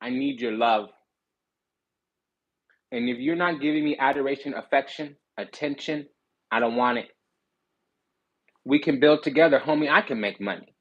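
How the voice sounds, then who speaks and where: A man giving a sassy, animated tarot reading, blunt and swearing freely. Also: mid-range voice, normal speed, long pauses, dull audio. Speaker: spiritual card reader.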